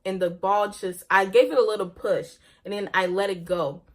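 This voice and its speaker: A woman's voice: medium pitch, normal speed. A young woman vlogger telling a casual personal story, laughing often and ending on a faith message.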